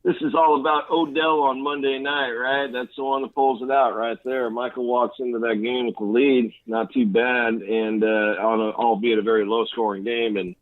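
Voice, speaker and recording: A man's voice: mid-range voice, flat delivery, moderate pace, few pauses, dry recording. A man co-hosting a casual fantasy league chat, rambling and bluntly trash-talking with laughs. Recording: tinny phone-line sound.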